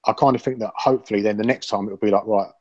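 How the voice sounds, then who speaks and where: Sweary rapid-fire man(#p1). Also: on the low side, fairly even intonation, dark tone, no room sound. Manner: rambling, opinionated, sweary. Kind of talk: casual panel chat. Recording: dull lo-fi sound.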